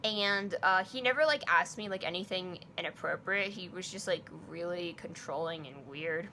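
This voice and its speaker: A young woman vlogger tells a personal story in a chatty, casual way packed with fillers, acting out both sides of a conversation by quoting herself and others. Her voice is low-leaning and sharp, at normal speed, with a little hiss or hum.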